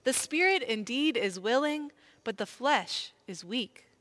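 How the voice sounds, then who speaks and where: A woman reading scripture aloud, clear and earnest, in a group reading. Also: fairly high pitch, lively intonation, a little slow, fairly bright tone. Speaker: scripture reader.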